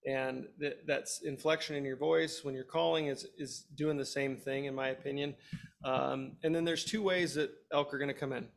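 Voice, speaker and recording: A man's voice: mid-range voice, gravelly. A man in his thirties, a hunting guest expert, giving practical, direct advice in an instructional webinar.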